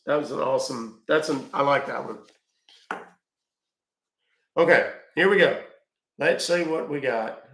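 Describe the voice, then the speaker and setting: A man's voice: medium pitch, bright, forceful tone, echoey room. A man hosting a live stream, chatting casually and joking as he reads viewer comments aloud. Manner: chatty, joking, talks to chat.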